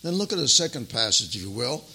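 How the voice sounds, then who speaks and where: An older man preaching a sermon as pastor, emphatic and folksy, swinging between loud stresses and soft asides. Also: medium pitch, sing-song, fast talker, gravelly, slight background noise, low-quality recording. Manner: addresses listeners as beloved, folksy asides.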